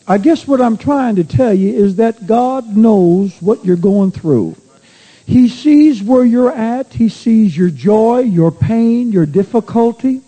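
A man's voice: high-pitched, warm tone, rough recording. A middle-aged man, preaching a sermon as a pastor in a folksy storytelling way that builds to fervent exhortation.

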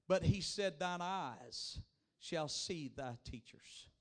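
A man preaching a revival sermon as an evangelist, shifting between fervent shouting and soft, low-voiced passages, with repeated calls to the congregation. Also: animated, slow. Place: church youth rally before a congregation.

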